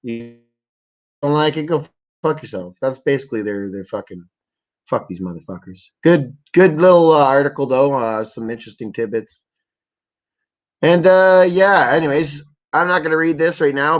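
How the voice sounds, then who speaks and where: A man's voice: mid-range voice, moderate pace, highs cut off. A man from Ontario, hosting a livestream and ranting with constant swearing and rambling asides. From Ontario, Canada. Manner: angry, profanity-laden, rambling. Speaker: livestream host. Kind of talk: profane ranting commentary.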